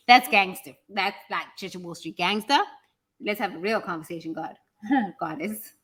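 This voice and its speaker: A woman's voice: fairly low pitch, normal speed, fairly bright tone, husky. A woman teaching in a casual, motivational way, talking bluntly and animatedly, swearing freely and acting out what other people say.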